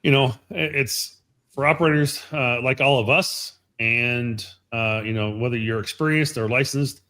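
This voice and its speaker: A man's voice: medium pitch, pushed and bright. A middle-aged man chatting casually on a live stream about an amateur radio event, with many fillers and restarts. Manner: halting, many fillers and repeated words.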